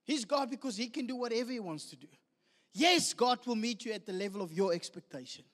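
A man with a South African English accent preaching a sermon, animated, acting out the voices of the people he quotes. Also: very high-pitched, a little fast. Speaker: pastor. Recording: long hall reverb.

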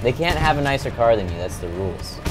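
Excitable young man egging a friend on. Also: mid-range voice, fast talker, loud music behind the voice. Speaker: gaming show co-host. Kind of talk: casual gameplay banter.

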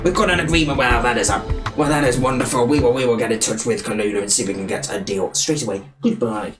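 A young British man giving excitable, cheeky live commentary on a football video game, with game music behind him. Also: mid-range voice, fast. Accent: British English. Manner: excitable, shouting and cheeky trash talk. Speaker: gaming YouTuber.

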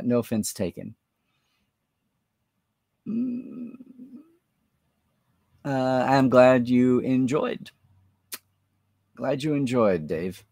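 A man's voice: mid-range voice, vocal fry, dry recording, clean studio sound. A man hosting a live-stream chat, rambling and thinking aloud as he answers viewer comments. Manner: rambling, chatty, thinks aloud with many fillers. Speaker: host.

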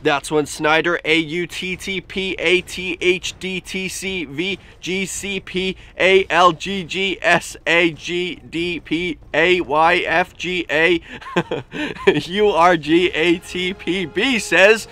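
A man hosting a casual vlog, reading comments aloud with animated, sarcastic asides. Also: high-pitched, takes it slowly. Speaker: YouTube host. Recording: faint music behind.

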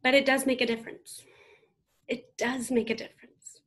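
A woman's voice: high-pitched, flat delivery, normal speed, fairly bright tone. A woman in her thirties giving a motivational keynote speech, emphatic and punchy, speaking straight to her audience. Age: 30s.

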